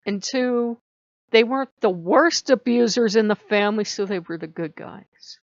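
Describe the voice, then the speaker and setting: A middle-aged woman talks to camera in a candid, confessional vlog, blunt and unguarded, with casual swearing. Her voice sits at an ordinary pitch and sounds close and dry. The recording is dull and lo-fi. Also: normal speed, no echo. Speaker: spiritual vlogger. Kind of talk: candid personal storytelling.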